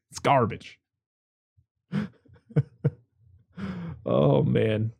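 A man's voice: medium pitch, fairly even intonation, very slow, vocal fry, darkish tone, no echo. A man co-hosting a casual movie podcast, chatty and given to exasperated rants. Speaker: podcast co-host.

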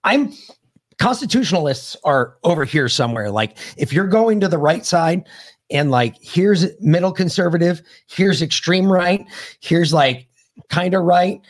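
A man's voice: on the high side, a little slow. Podcast host guy rambling about politics, voice bouncing all over. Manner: rambling, restarts, lively intonation. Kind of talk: casual political chat.

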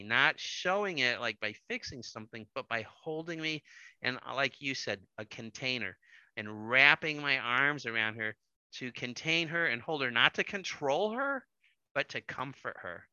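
A middle-aged man telling a personal story in casual conversation, animated and repeating his words as he acts out quotes. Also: medium pitch, moderate pace, clear, resonant tone, no room sound, muffled recording.

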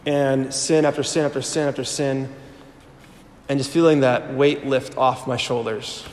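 A priest in his thirties telling his personal testimony to a live audience. He tells it with animated storytelling and acts out the voices he quotes. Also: medium pitch, unhurried, a little hiss or hum. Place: large hall before an audience. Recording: echoey hall with long reverb.

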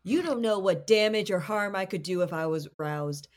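A woman voicing a boastful, insulting male spirit mongoose in a high-pitched voice, rude and threatening. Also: moderate pace, lightly acted. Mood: menacing.

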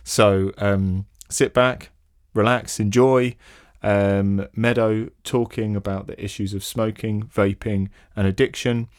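A man's voice: on the low side, steady tone, slow pace, hardly any pauses, no room sound, clean studio sound. A man hosting a podcast, introducing a guest in a loose, wry way with many ums. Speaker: podcast host.

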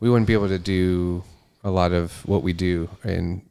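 A man co-hosting a faith podcast, talking casually and haltingly, restarting often and rising when he makes a point. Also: low-pitched, steady tone, vocal fry, dark tone, smooth. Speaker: podcast co-host.

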